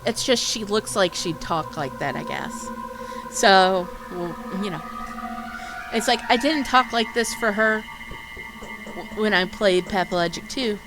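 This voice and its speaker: A woman's voice: medium pitch, a little slow, music in the background, poor audio. A woman streamer giving casual live-stream commentary in a chatty, self-deprecating way, often trailing off into fillers.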